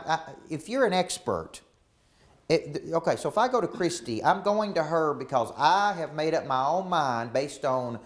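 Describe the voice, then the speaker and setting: Animated voiced male real estate coach. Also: fairly high pitch. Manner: animated, acts out quoted dialogue. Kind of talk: live coaching session talk.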